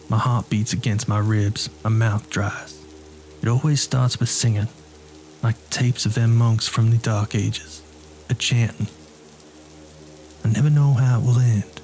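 A man reading a first-person horror story in a quiet, measured way. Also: lowish voice, fairly even intonation, faint music behind. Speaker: narrator. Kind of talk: scripted horror story narration.

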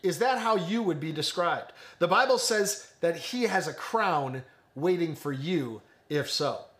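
A young man with a high voice preaches an online sermon. He talks earnestly and builds emphasis by repeating key phrases. His delivery swings between slow, weighty lines and quicker asides. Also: expressive, a bit bright. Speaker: pastor.

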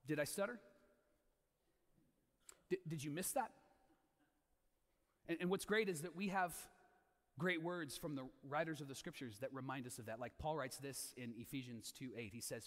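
A man in his thirties preaching a sermon as pastor, animated, acting out quoted voices and repeating key lines. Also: fairly high pitch, normal speed, pauses often, in a large hall.

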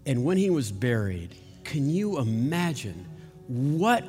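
A man preaching a sermon slowly and dramatically, building to intense questions. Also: mid-range voice, big pitch swings, darkish tone, big-room sound, soft background music.

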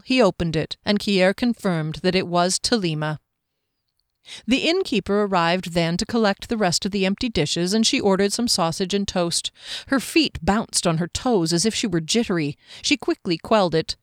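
A woman reading a fantasy novel aloud in a steady, even narrating voice. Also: on the low side, moderate pace, no echo, studio quality. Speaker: audiobook narrator.

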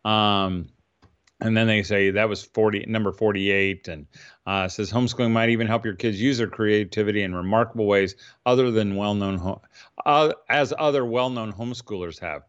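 Male podcast co-host, smooth voice, laughs through his stories, lo-fi sound. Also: lowish voice, moderate pace. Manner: rambling storyteller, laughs often. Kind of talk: casual chat.

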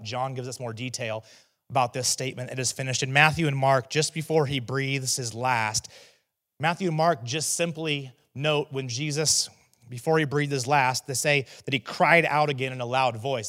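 A teaching pastor delivers a sermon in a conversational manner, tossing asides to the congregation before building to loud, emphatic proclamations on key phrases. His mid-range voice holds a steady tone at a normal speed.

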